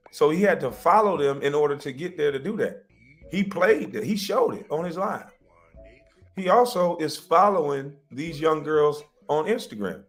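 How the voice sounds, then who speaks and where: A man hosting a livestream, defiantly defending himself and insisting he keeps his receipts, repeating points for emphasis. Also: a little high. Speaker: livestream host. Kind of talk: heated livestream rant.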